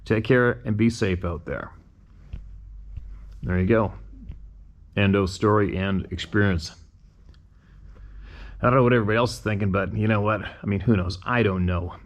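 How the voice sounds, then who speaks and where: A man with a deep, low voice hosts a show and reads listener emails aloud. He stops now and then to muse in a relaxed, conversational way. His asides are full of rhetorical questions. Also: normal speed, long pauses. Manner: conversational, musing rhetorical questions between readings. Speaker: host reading listener emails. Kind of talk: reading listener emails aloud with casual commentary.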